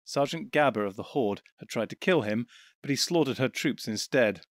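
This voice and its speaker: A man narrating an audiobook in an even, steady storytelling voice on a close mic. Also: mid-range voice, moderate pace, dry recording.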